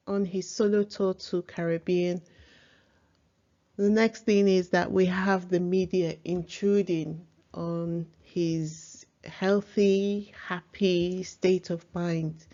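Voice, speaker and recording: A woman's voice: medium pitch, fairly even intonation, slow, warm tone, highs cut off. A woman hosting a casual book review vlog, chatty and opinionated. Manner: chatty, opinionated, laughs easily.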